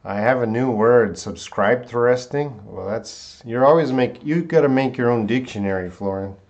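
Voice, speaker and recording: A man teaching English pronunciation on a live stream, repeating words slowly syllable by syllable and greeting viewers by name. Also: mid-range voice, darkish tone, lo-fi sound. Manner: drawn-out word repetition, reading viewer names.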